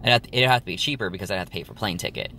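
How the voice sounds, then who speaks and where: Young guy vlogging, kinda low voice, rambles w lots of ums, faint hum behind. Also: rapid-fire, pushed and bright. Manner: rambling, full of ums and likes. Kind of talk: casual chat to camera.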